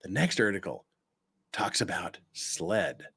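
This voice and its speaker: A man from Cache Valley, Utah, with a Utah accent, hosts a relaxed live stream, reading news articles aloud and cutting in with sarcastic remarks. His voice sits low and swings widely in pitch, slow and gravelly with a fairly bright, slightly rough tone.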